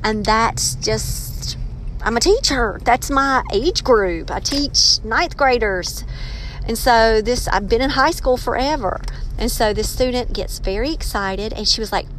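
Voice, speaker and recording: A woman's voice: a little high, measured pace, a bit bright, slight background noise. A woman hosting her own podcast, telling a story casually and animatedly, acting out the voices she quotes. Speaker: podcast host, author and ninth-grade teacher.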